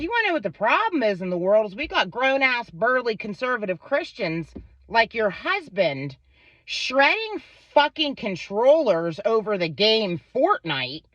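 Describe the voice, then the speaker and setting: A woman's voice: on the high side, a bit bright, dry recording, highs cut off. A woman telling an angry story about her son and a neighbor, swearing freely and acting out what each person said. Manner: profane, heated, quotes others in voices.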